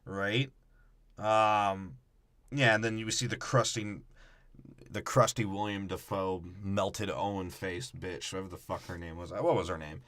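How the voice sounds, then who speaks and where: Brief: young male podcast co-host, crude joking recap, bright, dry close sound. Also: deep voice, steady tone, no room sound. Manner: mocking, acts out characters in quick impressions. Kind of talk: crude comedic movie recap.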